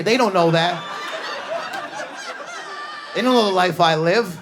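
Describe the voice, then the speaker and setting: A man in his thirties doing an animated stand-up comedy set on a club stage, telling stories with bursts of energy and acted-out voices. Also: normal speed, long pauses, background noise. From Canada. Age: 30s. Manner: high-energy, animated storytelling with sudden volume swings and acted-out voices.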